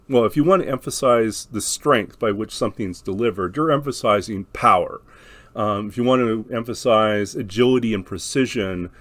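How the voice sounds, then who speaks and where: A man with a lowish voice talks through game-mastering advice in a thoughtful, explanatory way, often pausing with ums and restarting his sentences. The sound is dry and close, with no room echo. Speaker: game master teaching description. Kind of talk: instructional talk.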